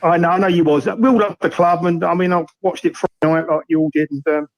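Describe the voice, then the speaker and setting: A caller on the phone, rambling and hesitant as he talks football. His voice sits a bit high, and the sound is very dry and close. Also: fairly even intonation, fast, dry recording, poor audio. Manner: rambling, hesitant, full of ums.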